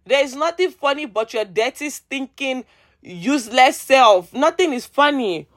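A woman with a Nigerian accent, delivering a heated, exasperated rant as a vlogger, with sarcastic jabs and repeated pleas, swinging between loud outbursts and low mutters. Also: animated, unhurried. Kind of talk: rant vlog.

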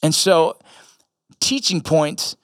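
A man's voice: a little high, animated, slow pace, no room sound, clean studio sound. A man, a military veteran and father, talking casually in a blunt, profane way with rambling asides. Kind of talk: casual monologue.

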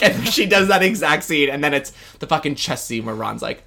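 A man's voice: a little high, lively intonation, a little fast, gravelly, few pauses, background noise. A man co-hosting a casual pop-culture podcast, catty and theatrical, swearing a lot and mimicking the people he talks about. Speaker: podcast co-host.

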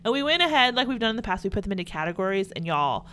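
A woman's voice: medium pitch, very animated, rapid-fire, fairly bright tone, a little hiss or hum. A young adult woman with a Southern US accent, co-hosting a podcast, chatty and playful. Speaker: podcast co-host. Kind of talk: casual chat.

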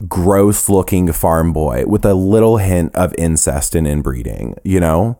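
Sassy low-voiced man hosting a podcast. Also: a little slow, few pauses. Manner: animated, sassy and profane, with playful laughs. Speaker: podcast host. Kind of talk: casual solo podcast monologue.

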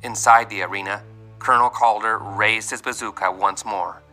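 Bright-voiced man narrating a storybook. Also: fairly low pitch, fairly even intonation, normal speed, low-quality recording. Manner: vivid, dramatic reading with voiced characters. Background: faint music.

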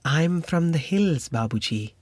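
A bright, high-pitched hill boy serving tea, shy and eager to please, as a male narrator puts him on. The voice is husky and dry, pitched well above the storyteller's own, and carries a faint bed of music behind it. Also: lively intonation, measured pace, dry recording. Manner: eager, raised voice.

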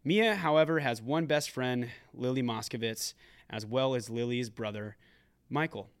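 A man's voice: mid-range voice, measured pace, clear, resonant tone. A man co-hosting a casual movie review podcast, joking and reading out reviews, with a lot of restarts. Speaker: podcast co-host.

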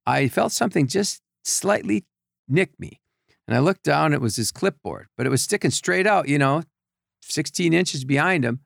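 An older man with a gravelly voice, telling rambling anecdotes as a podcast guest in casual chat. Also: fairly high pitch, lively intonation, normal speed, a bit bright, no echo, clean studio sound. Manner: rambling anecdotes with repeated restarts. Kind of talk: casual storytelling.

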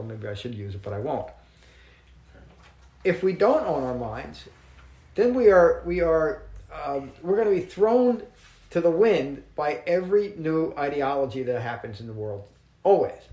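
A man teaching Buddhist texts to a small group, reading verses slowly and explaining them in a measured, reflective way. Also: on the high side, darkish tone, reverberant, low-quality recording. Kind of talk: dharma talk to a small group.

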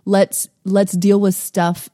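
A woman's voice: medium pitch, level tone, slow, dark tone, no room sound, clean studio sound. A woman co-hosting a casual chat, adding short agreeing asides and occasional stories. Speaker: podcast co-host, mother.

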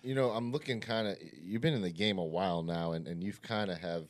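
A man hosting a casual interview, chatty and quick, repeating his phrases as he goes. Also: low-pitched. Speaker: interviewer host.

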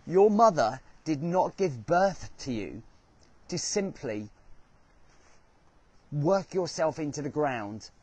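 Earnest man, slightly high voice. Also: big pitch swings, slow, pauses often, warm tone, no room sound. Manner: earnest, repeats phrases for emphasis. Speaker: host. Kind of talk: motivational talk.

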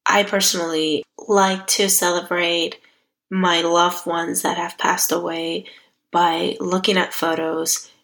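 Gravelly-voiced woman podcast host. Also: lowish voice, a bit bright, rough recording. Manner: emotional, heartfelt, chatty. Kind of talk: casual solo podcast talk.

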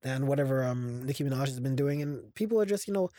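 A man's voice: mid-range voice, expressive, quick pace, mellow, no room sound. Ranting opinionated man, dry close mic. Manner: opinionated, ranting, repetitive restarts. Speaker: podcast co-host. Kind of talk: casual podcast chat.

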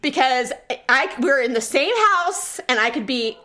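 Animated woman co-host, high and expressive, acts out the quotes in her stories. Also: measured pace. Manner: animated storyteller, laughs often, acts out quotes. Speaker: podcast co-host. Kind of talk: casual chat.

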